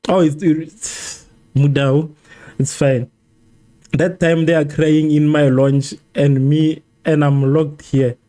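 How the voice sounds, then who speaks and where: A man hosts a live football watchalong, his voice sitting a little high yet soft and mellow in tone. He frets over the game, circles back to the same complaints again and again, and argues with viewers in the chat. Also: little pitch movement, slow. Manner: exasperated, repeats himself, argues with chat. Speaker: livestream host. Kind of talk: live match watchalong reaction.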